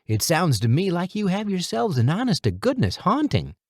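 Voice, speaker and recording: A man voicing a meek, polite character who talks on the phone in a high, nasal voice. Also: wildly swooping pitch, no room sound, clean studio sound, exaggerated voice. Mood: chatty. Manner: fast, eager, high-pitched customer-service voice. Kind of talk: audiobook character voice.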